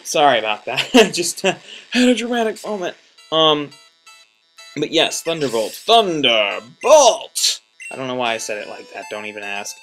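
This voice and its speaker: A man's voice: medium pitch, animated, fairly quick, a bit bright, faint music behind. A young man casually commenting on a video game he is playing, rambling and joking at himself. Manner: rambling, self-deprecating, jokey. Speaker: let's play commentator.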